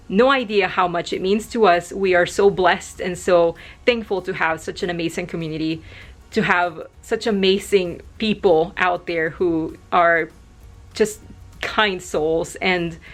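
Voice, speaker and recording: A young adult woman vlogs to camera, sounding emotional and grateful as she rambles with many fillers. Her voice is lowish and a bit bright.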